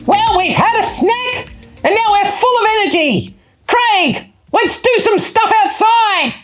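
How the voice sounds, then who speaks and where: A woman voicing a chirpy childlike puppet friend on a children's church show, squeaky and bouncy. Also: very animated, a little slow, faint music behind, exaggerated voice. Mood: excited.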